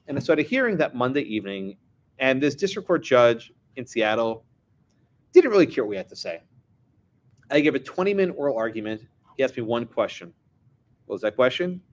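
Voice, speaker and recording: A man's voice: mid-range voice, big pitch swings, fairly quick, long pauses. A man from New York, a lawyer giving a talk, telling anecdotes with wry asides. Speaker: lawyer and guest speaker. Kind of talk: lecture with storytelling.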